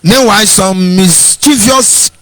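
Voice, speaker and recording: A man's voice: high-pitched, takes it slowly, a bit bright, dry recording. A Nigerian man giving an impassioned political monologue, rhetorical and mocking in tone. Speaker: political commentator.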